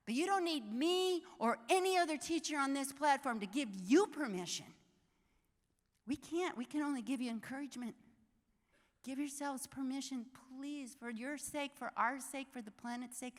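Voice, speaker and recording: An older woman speaks to a live audience in a big hall, her voice pitched a little high and bright, with a long reverb trailing each phrase. She exhorts her listeners with lively energy and laughs often. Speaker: author and inspirational speaker. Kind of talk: live motivational talk to an audience.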